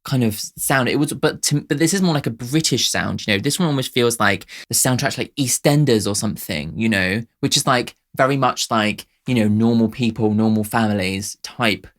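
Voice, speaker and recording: A man's voice: mid-range voice, normal speed, few pauses, a bit bright. A man hosting a music reaction video, talking casually, rambling with lots of "like", laughing often and swearing freely.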